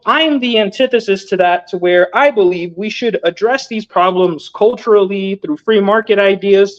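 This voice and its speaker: A young man in his twenties, a guest telling his story in a casual interview, loose and earnest with lots of filler words. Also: high voice. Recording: dull lo-fi audio.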